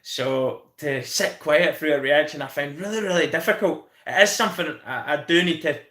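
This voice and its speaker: A Scottish man talks on a live stream with a somewhat high voice, rambling along excitably and cursing as he goes. His voice carries a roomy echo. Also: moderate pace. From Scotland. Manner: excitable, rambling, swears freely. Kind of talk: casual live-stream chat.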